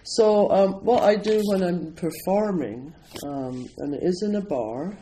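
A man's voice: high voice, a little slow, warm tone, a little hiss or hum, rough recording. An older man from Scotland giving a chatty, digressive talk at a Zen centre, laughing often as he introduces a poem. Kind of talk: casual talk introducing a poetry reading.

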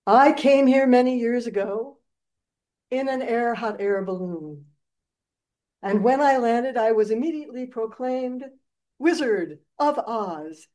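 A woman voicing a humble older male wizard who is grand but kindly, speaking gently, slowly and earnestly. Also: on the high side, lively intonation, pitched above the performer's own voice. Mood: gentle.

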